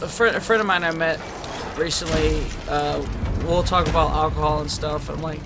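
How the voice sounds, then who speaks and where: A man's voice: fairly high pitch, steady tone, normal speed, gravelly, noisy background. A man hosting a podcast, chatting casually, telling stories with laughter and plenty of swearing. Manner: laughing storyteller, swears freely. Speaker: podcast host. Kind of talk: casual chat.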